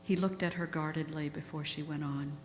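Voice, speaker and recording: A woman's voice: deep voice, steady tone, fairly quick, a little mellow. A woman giving a talk, earnestly retelling an emotional story to an audience. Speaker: guest speaker. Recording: echoey hall with faint hum.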